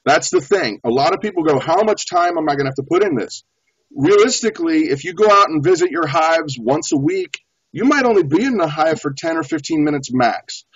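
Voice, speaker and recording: A man's voice: on the high side, sing-song, a little fast, breathy edge, no room sound. A man guesting on a show, telling a story in a casual, laughing way. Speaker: beekeeper guest. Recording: dull lo-fi audio.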